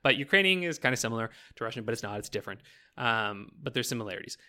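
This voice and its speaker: A man's voice: medium pitch, very fast. Rambling Canadian man chatting about games. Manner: rambling, swearing, animated, breaks into mock voices. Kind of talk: casual chat about video games.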